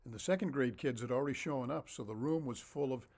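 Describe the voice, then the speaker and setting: A man telling his own childhood story to the camera, lively and animated and laughing often. He shifts easily between getting louder and dropping his voice, with a mid-range pitch. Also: fast talker. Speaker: storyteller and author. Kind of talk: casual anecdotal storytelling.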